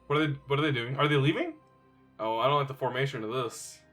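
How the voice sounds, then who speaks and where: A man playing a tabletop game, animated and excitable, often laughing. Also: medium pitch, fast talker, soft background music. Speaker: player. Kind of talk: casual tabletop play.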